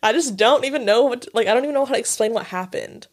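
A woman in her twenties co-hosting a podcast, telling a night-out story in casual, profane chat, laughing and saying "like" often. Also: a little high. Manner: fast, profane, laughing, filler-heavy "like". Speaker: podcast co-host.

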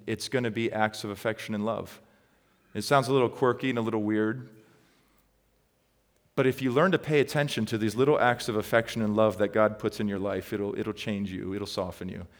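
A pastor preaching a sermon in a conversational, storytelling way, getting loud and animated as he acts out a story. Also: on the low side, in a large hall. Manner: conversational storytelling, grows loud and excited when reenacting.

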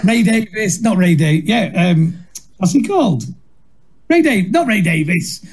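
Husky, animated Northern English comedian. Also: male voice, high voice, unhurried. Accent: Northern English, Manchester. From England. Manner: lively, self-mocking, laughs through stories. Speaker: comedian guest. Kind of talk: anecdotal storytelling.

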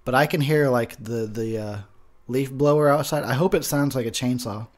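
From his home room near a window, a Texas man with a mid-range voice at normal speed records on a home mic. Drinking as he goes, he gives a rambling, swearing, frustrated movie commentary.

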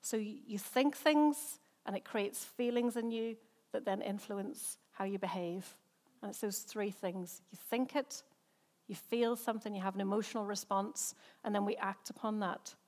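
A middle-aged English woman, a senior pastor, preaching in a chatty, conversational way with rhetorical questions and quick restarts. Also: medium pitch, darkish tone. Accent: English, softened by time living in Northern Ireland. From England. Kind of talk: sermon.

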